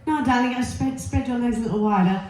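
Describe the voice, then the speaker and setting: A woman voicing a classy, gently bossy gynecologist who calls everyone darling. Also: a little high, very fast, lightly acted. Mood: coaxing. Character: classy British woman gynecologist, posh and coaxing. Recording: very echoey room.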